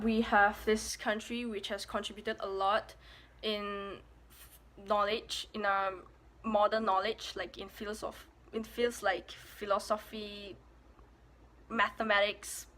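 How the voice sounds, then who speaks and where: A woman's voice: mid-range voice, flat delivery, takes it slowly, a bit bright. A young woman from Malaysia casually vlogging, playful and self-mocking, repeating words as she tries to pronounce them. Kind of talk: casual pronunciation vlog.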